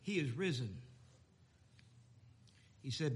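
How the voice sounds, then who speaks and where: A man preaching a sermon in a folksy, emphatic way, swinging between loud declarations and quiet asides. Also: sits high, very animated, measured pace. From Texas.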